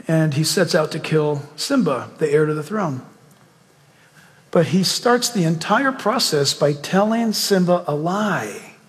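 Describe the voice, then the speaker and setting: A man's voice: a little high, in a large hall. A male pastor preaching a sermon, telling a story with emphatic rhetorical questions and ending in prayer.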